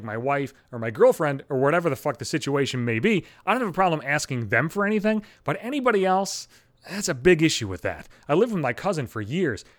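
A man rattles off a casual, rambling solo podcast monologue at a quick clip. His voice sits a little high, and swear words pepper nearly every sentence. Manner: rambling, heavy profanity. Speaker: podcast host.

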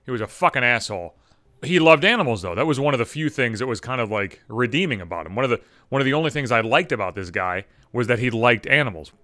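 A man hosting a podcast, ranting with constant swearing, swinging between exasperated high-pitched outbursts and low mutters. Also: lively intonation, fast talker, pushed and bright, no room sound. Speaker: podcast host. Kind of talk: profane comedic rant.

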